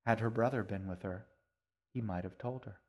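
A man narrating his own story in a calm, even way. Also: lowish voice, moderate pace. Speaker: author and narrator. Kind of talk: scripted narration.

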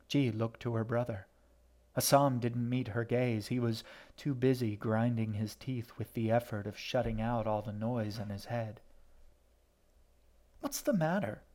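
A man narrates a fantasy story in a steady, measured reading voice. His pitch sits in the middle range, neither high nor low. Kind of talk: audiobook narration.

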